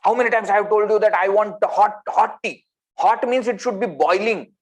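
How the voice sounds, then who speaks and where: Animated Indian English spiritual teacher. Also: male voice, sits high, a little fast. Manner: animated, rhetorical questions, swings between loud and soft. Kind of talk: spiritual discourse. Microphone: video call.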